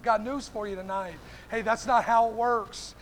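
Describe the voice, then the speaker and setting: A man's voice: high voice, steady tone, moderate pace, slight background noise. A man preaching an evening sermon to his congregation, fervent, peppering his phrases with "hey" and calling on listeners by name.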